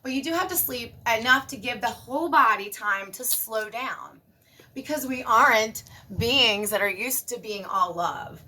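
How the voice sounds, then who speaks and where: A woman giving a casual spiritual monologue, animated and emphatic, swearing casually. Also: a little high, measured pace. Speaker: spiritual vlogger.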